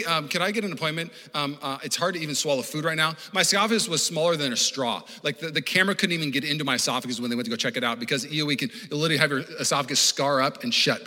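A man preaching a sermon as pastor, animated and conversational, acting out the voices he quotes, with frequent restarts. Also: medium pitch, big-room sound. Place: church auditorium.

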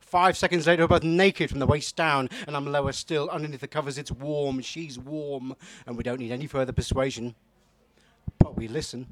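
Northern English man, mild accent, slightly high voice, live spoken-word poet, hesitant, hushed. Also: fairly even intonation, moderate pace. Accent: soft northern English, not strongly Geordie. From Newcastle. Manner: hesitant with many ums, drops to hushed intimate reading. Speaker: comedy poet performer. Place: live venue with audience.

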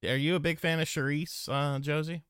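A man co-hosting a podcast in casual chat, cursing freely and telling animated stories. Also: a little high, fairly quick, clear, resonant tone, dry recording, clean studio sound. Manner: profane, animated storytelling. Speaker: podcast co-host.

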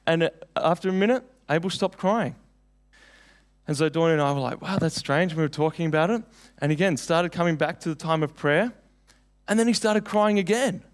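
A man's voice: fairly high pitch, moderate pace. A young man preaching a sermon, telling personal stories in an earnest, conversational way.

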